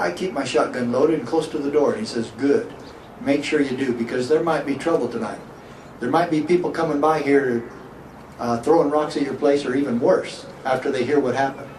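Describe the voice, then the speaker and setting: A middle-aged man, a sheriff, giving a public speech, telling a story and asking the crowd rhetorical questions. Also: a little high. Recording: echoey hall from far off, faint hiss.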